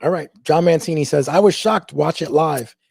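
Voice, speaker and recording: A man's voice: fairly high pitch, normal speed, vocal fry, a little mellow, breathy edge, no room sound. A laid-back, agreeable man co-hosting a casual chat and reading out viewer comments.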